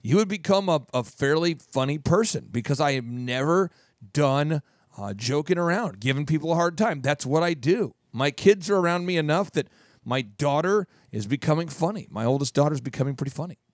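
A man from Minnesota hosting a podcast, talking through advice in a jokey, animated way with lots of repetition. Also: a little high, a little fast, no echo, studio quality. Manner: jokey, animated, repeats phrases. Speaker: podcast host and business coach. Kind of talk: advice monologue.

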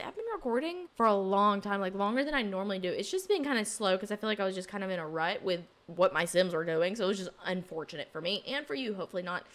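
A young woman giving casual let's play commentary on a life-sim game, reacting excitedly and dramatically to what happens on screen. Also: on the high side. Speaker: gaming YouTuber.

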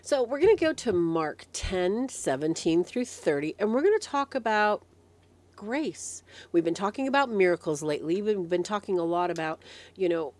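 A woman hosting a devotional meditation talk, recovering from a head cold, animated in her storytelling and clearing her throat often. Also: lowish voice. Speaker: host.

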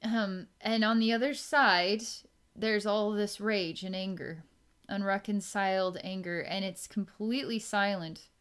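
A woman giving a psychic healing session, musing slowly and trailing off with fillers. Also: mid-range voice, fairly even intonation, a bit bright, clear, resonant tone. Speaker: psychic energy healer.

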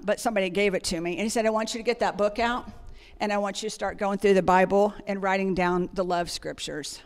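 A woman's voice: medium pitch, in a large hall. A woman giving a conversational sermon, telling personal stories with frequent fillers. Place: church sanctuary.

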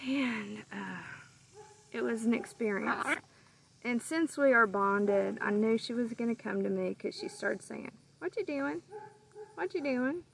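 Slow, gravelly-voiced chatty woman outdoors. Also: on the high side, slight background noise, rough recording. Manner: chatty, sidetracked, stops to coo at her pet bird. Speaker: pet owner vlogger. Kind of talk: casual rambling vlog.

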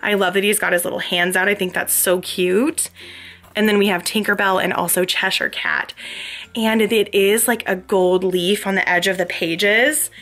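A young woman gushes her way through a haul vlog in a chatty, giggly way. Her voice is bright and forward, sitting at an ordinary middle pitch. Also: fairly even intonation, normal speed. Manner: gushing, chatty, laughs often. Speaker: vlogger.

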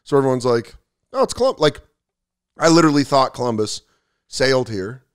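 A man's voice: medium pitch, very animated, fairly quick, clean tone. A male comedian guesting on a podcast, riffing in casual chat and slipping into goofy impressions.

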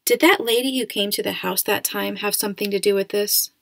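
A woman's voice: medium pitch, steady tone, a little fast, vocal fry, a bit bright, no echo, studio quality. A woman voicing a shy, anxious young boy in a storybook reading, with a small, pleading delivery. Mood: worried.

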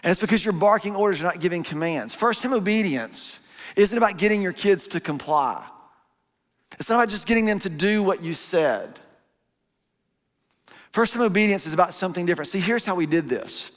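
Middle-aged male pastor, fairly high voice, chatty sermon in a big reverberant hall. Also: animated, fairly quick. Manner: conversational, acts out parents and kids in asides. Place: church auditorium.

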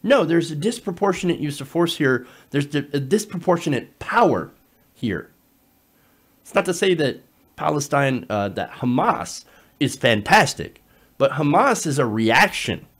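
A male political commentator talks through the news in a sarcastic, animated way, his voice swinging widely in pitch. It sits a little high for a man, and he keeps breaking up his delivery with fillers. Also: a little slow, breathy edge.

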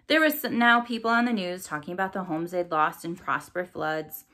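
A woman reads a chapter book aloud in a calm, cozy narration. Her voice is bright and clear, sitting slightly low in pitch. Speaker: storybook narrator. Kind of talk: reading a novel aloud.

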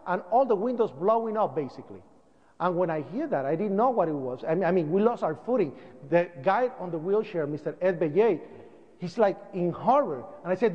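High-pitched guy telling his story to a crowd, voice cracking and rising, dull sound with a long reverb. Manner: dramatic storytelling, voice climbing and cracking at the worst moments. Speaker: speaker giving a presentation. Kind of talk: emotional first-person testimony to an audience. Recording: dull broadcast audio with long hall reverb.

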